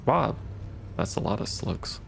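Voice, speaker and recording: A man's voice: unhurried, fairly bright tone, a little hiss or hum. A man giving casual gameplay commentary, wry and profane, talking back to the enemies on screen. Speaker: gaming streamer.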